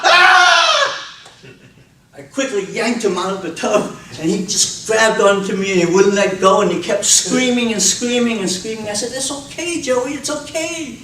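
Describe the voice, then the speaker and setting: A man's voice: high-pitched, slight background noise. A man giving a speech on public speaking, telling stories expressively and acting out the voices in them. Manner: expressive storytelling, acts out cries and quotes. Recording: echoey room from a distant mic, faint ambience.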